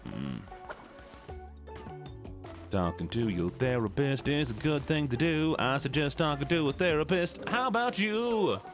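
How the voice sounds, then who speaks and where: A goofy, playful man chats with his stream audience while he plays, his pitch bouncing all over. He leans into a put-on southern drawl and drops into deep joke voices, with soft game music under him. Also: expressive, measured pace, pauses often. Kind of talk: casual chat with a live stream audience while gaming.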